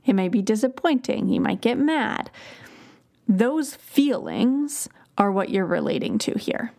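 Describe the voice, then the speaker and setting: A woman's voice: medium pitch, very animated, unhurried, vocal fry, warm tone. A woman hosting a podcast, explaining child development in a conversational way with example phrases to children. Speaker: podcast host.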